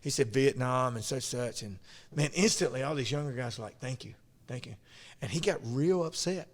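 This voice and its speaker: A man's voice: medium pitch, fairly quick, in a large hall. A man hosting a podcast, telling stories in a rambling, casual way with frequent restarts and laughs. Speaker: podcast host. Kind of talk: casual conversation.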